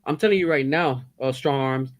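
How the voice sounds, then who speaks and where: A man's voice: medium pitch, normal speed. A man hosting a livestream chat, ranting with heavy profanity and pressing his points with rhetorical questions. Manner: fired-up ranting with frequent profanity. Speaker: livestream host. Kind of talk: heated casual chat.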